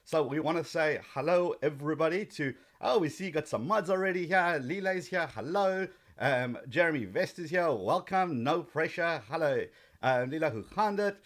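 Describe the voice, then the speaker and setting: A man's voice: a little high, lively intonation, normal speed, a bit bright. Chatty man hosting a live stream. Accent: South African. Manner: chatty, greets viewers by name, frequent ums. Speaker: live stream host and trainer. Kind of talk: casual live stream chat.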